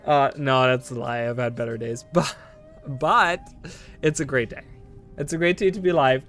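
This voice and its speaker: A man's voice: medium pitch, normal speed, fairly bright tone, faint music behind. A man streaming a game live, rambling to his viewers with bursts of delighted exclamations and casual swearing. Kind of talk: casual live gameplay commentary.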